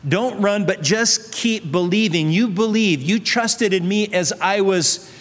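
In a big hall with long reverb, a high-voiced pastor speaks a little slowly, repeating phrases and asking rhetorical questions as he exhorts his congregation earnestly.

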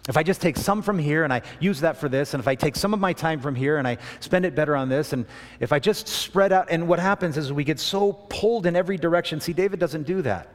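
A man preaching a sermon in a relaxed, conversational way, mixing scripture with self-deprecating stories. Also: on the high side, quick pace, long reverb tail. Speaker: pastor.

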